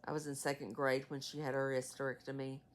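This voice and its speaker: A woman's voice: extremely low pitch, flat delivery, fast. A woman in her sixties giving a rambling, tired casual vlog update as her mother's caregiver. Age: 60s. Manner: rambling, many fillers and trailing asides. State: tired, yawning.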